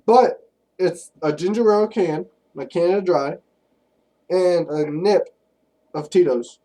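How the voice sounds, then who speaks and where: A young man, co-hosting a podcast and telling crude, animated stories in casual chat, a bit far from the mic. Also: sits high, a little slow. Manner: profane, animated storytelling. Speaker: podcast co-host.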